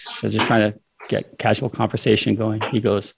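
A man's voice: lowish voice, little pitch movement, normal speed, creaky, slight background noise. A man telling a personal story as a guest in a casual conversation, acting out his own lines of dialogue along the way.

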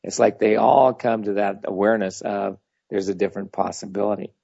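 Gravelly low-voiced man telling blunt stories. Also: steady tone, fairly quick, mellow, no room sound. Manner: blunt, rambling, anecdotal. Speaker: spiritual teacher. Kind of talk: casual storytelling talk. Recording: dull lo-fi audio.

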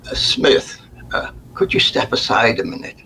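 A man's voice: fairly low pitch, huge pitch swings, moderate pace, vocal fry, sharp tone, slight background noise, heavily acted, rough recording. A man voicing a posh, patronizing male senior manager with a condescending drawl. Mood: stern.

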